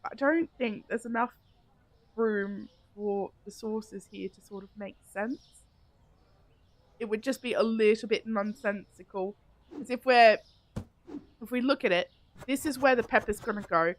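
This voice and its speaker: A woman live-streams a game, chatting casually with viewers, giggling often, and thinking aloud as she plays. Her voice is on the high side, a little slow, with long pauses.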